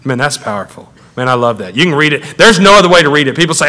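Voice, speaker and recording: Pastor guy preaching, bright forceful voice, chatty and fired up, big reverb from the hall. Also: on the high side, quick pace. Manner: animated, conversational preaching with rising intensity. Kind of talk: sermon. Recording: echoey hall with long reverb.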